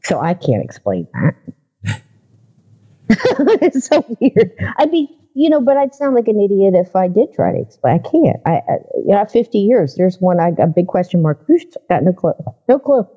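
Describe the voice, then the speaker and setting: A woman guest on a podcast, telling her experiences in a casual, animated way and acting out the people in her stories. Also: on the low side, fairly quick, dull audio. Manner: animated storyteller who acts out the people in her anecdotes. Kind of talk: casual storytelling interview.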